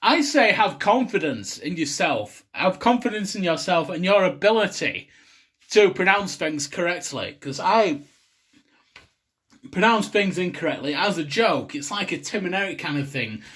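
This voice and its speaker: Rambling sweary man, lively pitch. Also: husky. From England. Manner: swears a lot, rambling and self-mocking. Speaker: cocktail video host. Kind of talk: rambling casual monologue.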